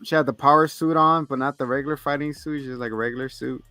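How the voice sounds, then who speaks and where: A man's voice: medium pitch, fairly even intonation, fast, bright, forceful tone, dry recording, soft background music. A man co-hosting a casual movie review podcast, joking around, laughing often and swearing freely. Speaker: podcast co-host.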